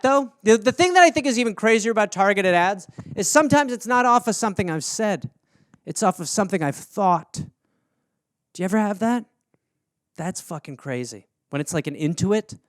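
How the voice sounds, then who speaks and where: High-voiced man riffing on a comedy podcast. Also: lively intonation, moderate pace, no echo, studio quality. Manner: profane, riffing, incredulous. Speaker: podcast host. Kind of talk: comedic rambling monologue.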